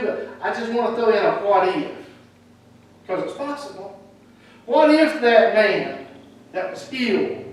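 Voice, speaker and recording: A man preaching a sermon in a church, animated and acting out the people he quotes. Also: high voice. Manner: animated, acts out quoted speech. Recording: echoey hall from far off.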